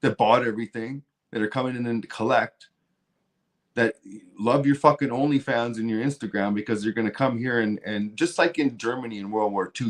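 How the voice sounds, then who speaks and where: A man hosting a stream, ranting about politics in a heated, profane way with lots of restarts. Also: medium pitch. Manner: heated, swearing, repeats and restarts. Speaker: show host.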